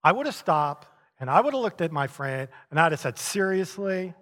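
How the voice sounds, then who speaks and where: Middle-aged male pastor, slightly higher voice, animated storyteller with chuckles, long reverb of a large church hall. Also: a little fast. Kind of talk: sermon.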